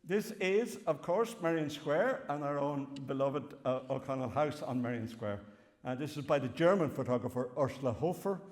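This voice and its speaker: An older Irish man giving a wry, animated farewell lecture with slides in a large hall. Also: fairly high pitch, moderate pace. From Ireland. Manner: wry, animated storytelling with chuckles. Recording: long hall reverb.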